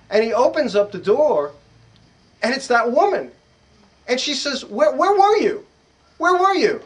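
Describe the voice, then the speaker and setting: A middle-aged American man, an author and psychologist, telling animated stories to a live audience in a bookstore and acting out the voices of the people in them. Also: high voice, low-quality recording. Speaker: author and psychologist giving a talk. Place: bookstore event room.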